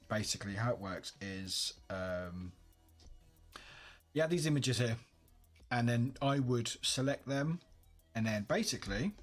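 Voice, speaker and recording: Rambling young man streaming from home. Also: medium pitch. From United Kingdom. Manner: rambling, self-correcting, chatty. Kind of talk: casual livestream chat.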